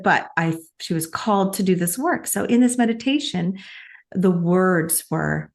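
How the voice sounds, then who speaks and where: A woman's voice: on the low side, normal speed. A middle-aged woman co-hosting a talk show, telling a personal story in a heartfelt, chatty way. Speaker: podcast co-host. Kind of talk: casual chat.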